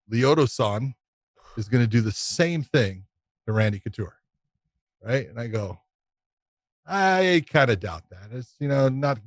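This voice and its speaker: A middle-aged man co-hosting a podcast, telling a long, animated anecdote with frequent laughter and swearing. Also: medium pitch, dry recording. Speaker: podcast co-host.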